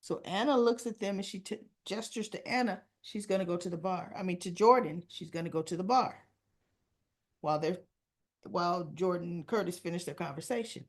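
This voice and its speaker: Retelling a soap opera episode on her recap show, a woman chats away and performs bits of the characters' dialogue. Her voice is on the low side and a little fast.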